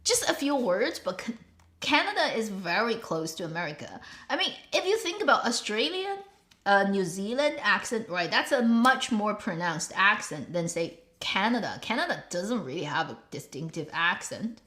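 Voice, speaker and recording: Woman, casual rambling chat, laughs a lot, mid pitch, roomy echo. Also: big pitch swings, normal speed, bright, forceful tone. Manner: rambling, chatty, often laughing. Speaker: host.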